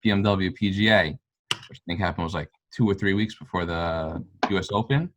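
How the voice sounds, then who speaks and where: A man's voice: low voice, a little fast, highs cut off. A man, a golf fan, telling a long story in casual chat, rambling with lots of fillers. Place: local pub.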